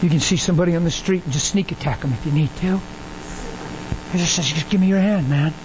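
A high-pitched man delivers a sermon through storytelling, jumping into the voices of the people he describes. His delivery swells in pitch and energy at the key points. A faint hum sits under the recording. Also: fast talker. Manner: animated, acts out dialogue, rises in pitch when excited. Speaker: preacher.

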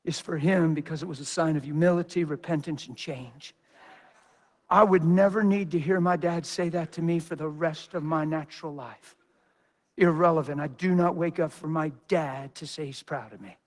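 A man preacher giving a sermon, talking in an emphatic, intense way. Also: a little high.

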